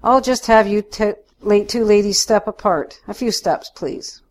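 A woman voicing a tall, cheery male policeman who talks in a brisk, easygoing way. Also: mid-range voice, darkish tone, natural voice. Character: burly cheery male small-town policeman.

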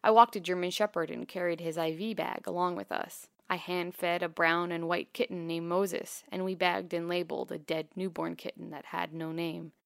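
A woman narrating a first-person memoir in a quiet, measured, intimate way. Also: fairly low pitch, flat delivery, vocal fry, smooth, dry recording, clean studio sound.

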